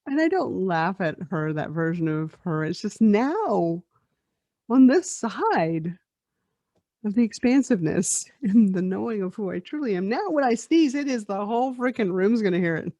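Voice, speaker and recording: A woman in her forties tells a personal story on her podcast with a reflective, spiritual manner, laughing often. Her voice is mellow and dark-toned at a middle pitch. The recording is dry and a little dull, lo-fi. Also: animated, moderate pace, no echo. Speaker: podcast host and life coach.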